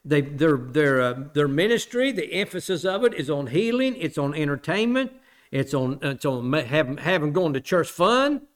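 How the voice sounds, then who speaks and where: A man preaching a Bible study sermon, plain-spoken, repeating phrases for emphasis and asking his listeners rhetorical questions, with loud bursts and quiet low asides. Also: very animated, normal speed. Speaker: pastor teaching a Bible study.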